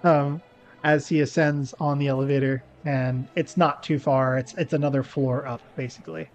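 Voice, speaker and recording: Male game master narrating a tabletop session, middle pitch, rambling filler-laden delivery, faint music underneath. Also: steady tone, normal speed. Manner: loose, filler-heavy narration with frequent likes and ums.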